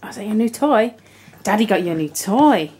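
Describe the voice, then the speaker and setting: A woman's voice: medium pitch, lively intonation, fairly quick, darkish tone, breathy edge. A young woman vlogging at home, gushing in baby talk at her pet dog with gasps and giggles, filmed on a handheld camera. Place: at home indoors. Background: dog sounds.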